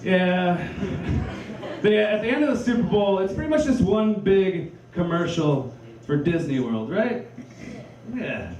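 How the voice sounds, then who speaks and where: A man's voice: high-pitched, animated, normal speed, a little mellow. A man performing a crude, rambling, self-deprecating stand-up comedy set. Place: comedy club stage with live audience. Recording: echoey club, distant mic, crowd laughter.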